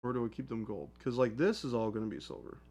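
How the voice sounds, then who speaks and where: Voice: mid-range voice, quick pace, darkish tone. A playful livestream host joking around and thinking aloud while painting miniatures. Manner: playful, jokey, slips into silly voices. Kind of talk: casual livestream banter.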